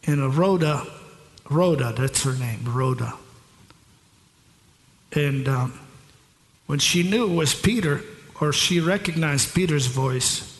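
A man's voice: on the high side, takes it slowly, pauses often. A middle-aged male pastor preaching a sermon in a large church hall, asking the congregation rhetorical questions and answering them himself. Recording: echoey hall with long reverb.

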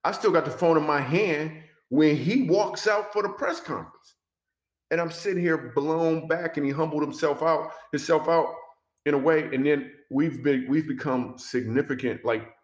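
A man, a comedian, tells a story in an animated way and voices the people in it as he goes. His pitch sits in an ordinary middle range. The recording has a noticeably roomy echo around him. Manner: animated storyteller who acts out quoted dialogue; speaks of faith and following God's voice. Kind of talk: personal storytelling in a conversation.

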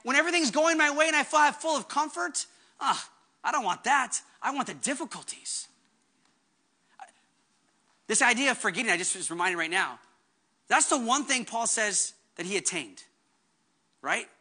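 Male pastor, sermon delivery, high-pitched and earnest, fervent with quick asides. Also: lively intonation, pushed and bright.

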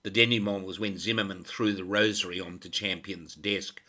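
A man's voice: low-pitched, steady tone, moderate pace, pushed and bright. A man narrating a crime novel in a dry, sardonic manner. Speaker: audiobook narrator.

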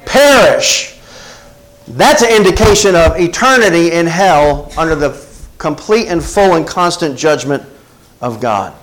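A man's voice: fairly high pitch, animated, moderate pace, slight background noise, rough recording. A man, preaching a sermon and often checking in with his congregation. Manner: preaching with call-and-response asides to the congregation. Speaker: pastor.

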